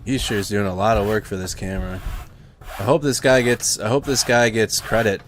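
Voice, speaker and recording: A man's voice: lowish voice, steady tone, brisk, slight background noise. A man hosting a live news stream, commenting casually and correcting himself as he goes. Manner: rambling, self-correcting.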